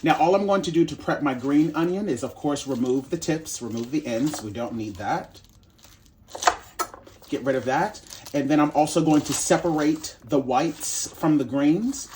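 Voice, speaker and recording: A man's voice: a little high, moderate pace, background noise. A man hosting his cooking channel, walking through a recipe in a casual, sassy, playful way and calling viewers baby and honey.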